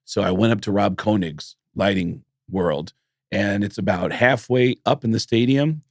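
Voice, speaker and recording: A man co-hosting a podcast, telling animated stories with plenty of swearing and acted-out quotes. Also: on the low side, normal speed, no echo, studio quality. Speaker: podcast co-host. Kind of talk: casual storytelling chat.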